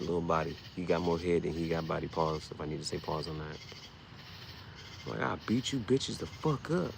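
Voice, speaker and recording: A man ranting casually and profanely on his vlog, rambling and getting animated as he goes. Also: sits low, gravelly, noisy background. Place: dim room.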